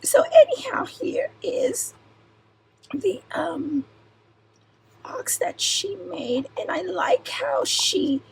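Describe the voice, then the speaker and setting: Middle-aged woman vlogger, breathy half-whisper, high lively pitch, unhurried, giggly. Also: a little hiss or hum, low-quality recording. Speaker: crafting vlogger. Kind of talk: casual unboxing chat.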